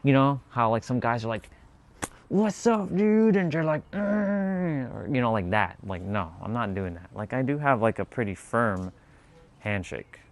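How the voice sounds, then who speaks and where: A man's voice: on the low side, moderate pace, creaky, a bit bright. A man chatting casually and reading out viewer comments, rambling with many fillers and laughing easily.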